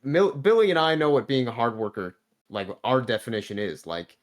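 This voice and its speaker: A man's voice: mid-range voice, fairly quick. A man in his thirties telling a work story in casual podcast chat, laid-back, swearing constantly and restarting his sentences. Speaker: podcast guest.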